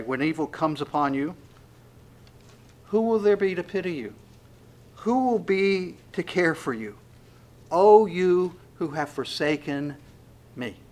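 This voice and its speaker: A man preaching an expository sermon, reading scripture verses and pressing them home emphatically, rising loud on the quotes. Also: a little high.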